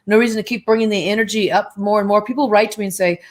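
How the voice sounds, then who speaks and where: A woman guest on a live-stream chat, telling stories in a lively, chatty way and acting out the voices in them. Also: mid-range voice, very fast. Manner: animated storyteller, acts out quoted dialogue. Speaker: guest medium.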